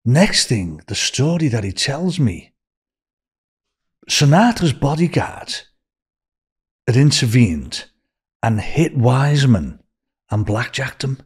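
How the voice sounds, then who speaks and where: Husky Liverpool man spinning a yarn. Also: medium pitch, slow pace, long pauses. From Liverpool, England. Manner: rambling, animated anecdote-telling with restarts. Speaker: guest. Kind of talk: casual storytelling.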